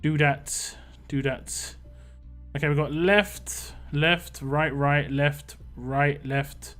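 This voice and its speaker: A young man live-streaming a mobile game, chatting casually, greeting viewers by name and getting excitable over lucky rolls. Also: fairly high pitch, very slow, faint music behind. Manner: excitable when hoping for lucky results. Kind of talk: live-stream gameplay chat.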